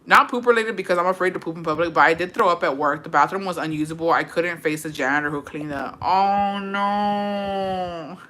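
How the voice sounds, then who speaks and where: A woman's voice: on the low side, moderate pace. A woman livestreaming and reading viewer comments, telling stories in casual chat. She is brash and swears a lot, and she switches between English and Spanish. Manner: brash, profane, animated storytelling.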